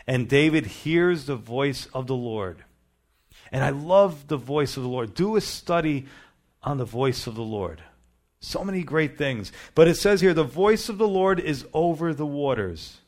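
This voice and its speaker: A male pastor delivering a sermon with earnest emphasis. His voice sits in a middle pitch, and he keeps turning to the congregation with rhetorical questions. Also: expressive, unhurried, darkish tone.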